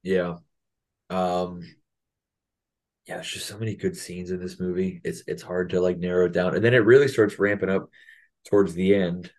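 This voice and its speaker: A man who is a podcast guest, chatting about a film in a laid-back, agreeable way with quick short replies. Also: sits low, little pitch movement, a little mellow. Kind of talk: casual chat about a film.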